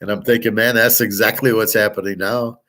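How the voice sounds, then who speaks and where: A man's voice: fairly low pitch, fairly even intonation, brisk, a bit bright. An older man hosting his own show in a rambling casual monologue, blunt and profane, firing off rhetorical questions. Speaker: sports betting and gold commentary host.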